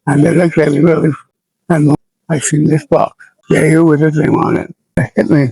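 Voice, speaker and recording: An American man in his seventies, an army veteran recalling his service in a plainspoken, halting and somber way for an interview. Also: on the high side, little pitch movement, gravelly, warm tone, breathy edge, dry recording, rough recording. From United States. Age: 70s. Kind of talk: oral history recollection.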